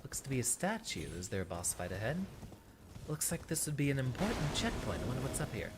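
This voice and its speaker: A man from Texas streaming a video game in a put-on teacher persona voice, thinking aloud in relaxed, chatty commentary. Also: medium pitch, brisk, background noise. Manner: performs a put-on teacher persona voice rather than his real one. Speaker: VTuber streamer. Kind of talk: casual gameplay commentary. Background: game music.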